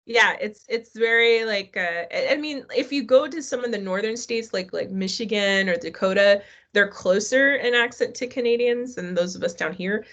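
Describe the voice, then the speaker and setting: A woman's voice: medium pitch, normal speed, a bit bright, lo-fi sound. A middle-aged woman teaching a live online history class, talking casually and asking her students questions. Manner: conversational, asks the class questions.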